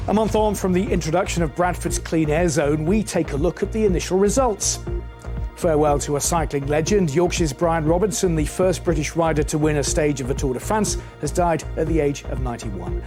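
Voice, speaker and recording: A man anchors the evening news with a steady, formal delivery. His voice sits a little high, and soft music plays beneath the opening headlines. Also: normal speed. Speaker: news presenter. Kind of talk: scripted news reading.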